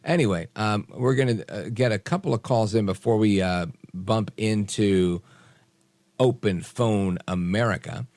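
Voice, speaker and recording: A man hosting a late-night talk radio show, animated and opinionated with quick asides. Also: on the low side, no echo. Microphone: studio microphone.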